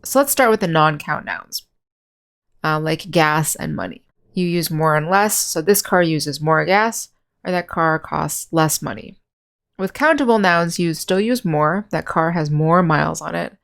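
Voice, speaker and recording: A patient woman teacher talks through a grammar lesson in a slightly low voice. She explains step by step with plenty of examples and slows down to spell out and repeat key words. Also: vocal fry. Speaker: English teacher.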